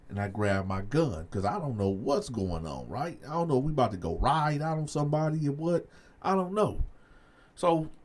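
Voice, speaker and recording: A man telling a personal story in a casual, slangy way, talking straight to his viewers. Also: mid-range voice. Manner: animated, slangy, talks to viewers directly.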